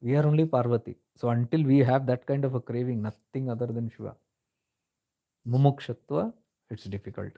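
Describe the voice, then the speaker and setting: A man's voice: medium pitch, brisk, creaky, mellow. A man giving a reflective spiritual discourse, telling stories in a conversational way and slipping into Hindi phrases. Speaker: spiritual teacher.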